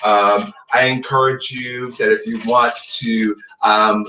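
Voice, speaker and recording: A man's mid-range voice is bright and forceful, steady in tone and slow in pace, with a little hiss or hum in the background. Hosting a casual tarot podcast, he jokes playfully and promotes his readings, and the recording sounds roomy, distant, dull, and lo-fi.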